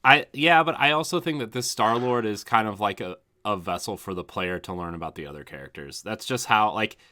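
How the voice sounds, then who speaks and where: Bright-voiced male podcast co-host. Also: fairly low pitch, a little fast, slight background noise. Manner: enthusiastic, filler-heavy rambling. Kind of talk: casual chat.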